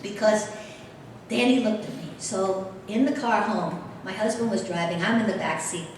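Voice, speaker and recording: A middle-aged woman giving a speech as a guest speaker, telling a personal story with lively, animated delivery. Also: mid-range voice, moderate pace, slight background noise. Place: large convention hall. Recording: echoey hall heard from far off.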